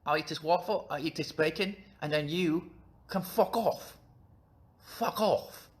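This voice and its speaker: A man hamming up a brash Cockney bloke who swaggers and swears, his voice jumping high and loud with an exaggerated Cockney twang. The taunting tone is broad and theatrical, far from natural speech. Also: unhurried, close to an everyday voice. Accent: over-the-top mock Cockney.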